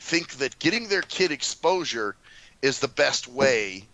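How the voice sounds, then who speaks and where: Bright, gravelly man in loose chat. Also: mid-range voice, sing-song, unhurried, slight background noise, poor audio. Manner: emphatic, says "dude" a lot. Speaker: radio show co-host. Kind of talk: casual profane chat.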